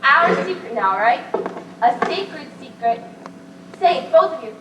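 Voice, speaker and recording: A woman playing a childlike, nervous aunt, giggly and close to tears, with a very high voice that swings up and down. The amateur stage play is taped from far away in an echoey hall with noise behind it. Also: lively intonation, a little slow. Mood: giddy nervous. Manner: tearful, giggly, eager.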